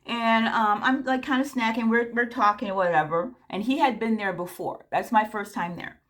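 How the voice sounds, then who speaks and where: A woman's voice: fairly high pitch, normal speed, a bit bright. A woman vlogger telling a story in a casual, chatty way, talking straight to her viewers, frank and candid. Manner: chatty, addresses viewers directly.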